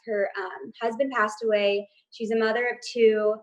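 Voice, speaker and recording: A woman's voice: on the high side, level tone, normal speed. A woman on a casual TV recap panel, talking thoughtfully and hedging with many ums. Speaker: co-host panelist.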